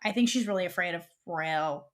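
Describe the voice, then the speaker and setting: A woman co-hosting a fan podcast, retelling a TV episode in a casual, animated way and quoting the characters' lines. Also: fairly low pitch, quick pace. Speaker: podcast co-host.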